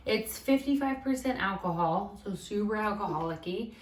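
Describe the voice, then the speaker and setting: A woman co-hosting a travel vlog, chatting casually and telling stories in an animated way. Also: medium pitch, normal speed, distant mic. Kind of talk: casual chat. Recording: roomy, from the mic, faint hiss.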